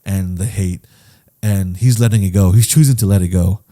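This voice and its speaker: A man's voice: sits low, moderate pace, warm tone. A man hosting a podcast, talking casually and earnestly, swearing often and restarting his sentences as he reflects. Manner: candid and reflective. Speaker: podcast host.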